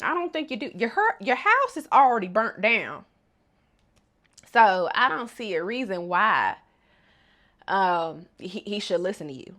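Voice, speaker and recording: A woman's voice: medium pitch, sing-song, unhurried, a bit bright. A woman recapping an anime episode in a casual, slangy vlog, sassy and roasting the characters as she goes.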